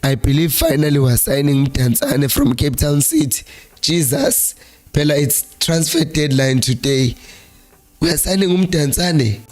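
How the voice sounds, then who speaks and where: A hoarse South African man with a flu-worn voice, hosting a live-streamed football chat in a Zulu-accented mix of English and Zulu and reading viewer comments aloud. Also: fairly high pitch, animated, a little slow, a little mellow. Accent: South African, Zulu-speaking. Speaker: fan channel host.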